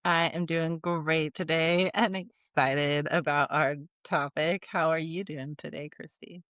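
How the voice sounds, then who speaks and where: A woman's voice: low-pitched, fairly even intonation, a little slow, a bit bright, dry recording. A woman co-hosting a podcast in casual chat, talking loosely with lots of "like". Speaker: podcast co-host.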